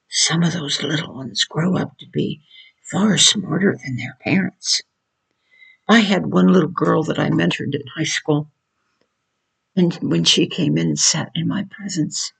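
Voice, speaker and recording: An older woman talks earnestly about raising children, returning again and again to the same points. Her voice is gravelly and husky, with a frayed edge. She speaks in the informal, preachy manner of a Christian teaching monologue. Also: medium pitch. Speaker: mother giving parenting advice.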